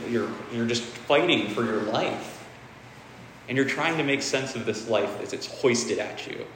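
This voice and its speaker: A man's voice: mid-range voice, fairly bright tone, a little hiss or hum. A man giving a casual, candid dharma talk, swearing freely and repeating phrases for emphasis. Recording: echoey hall with faint ambience.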